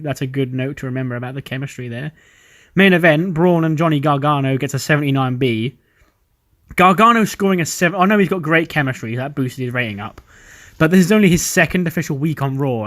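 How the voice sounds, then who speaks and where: A man casually narrating the events of a wrestling management game as he plays. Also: mid-range voice. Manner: laid-back narration of booking a wrestling show. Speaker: let's play commentator.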